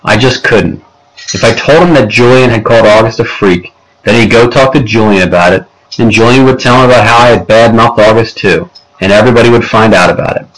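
Low-voiced male audiobook narrator. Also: brisk, a bit bright, rough recording.

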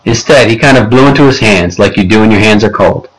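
A male audiobook narrator with a low voice, reading at an unhurried, measured pace. His delivery stays even and steady through the telling. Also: husky, rough recording.

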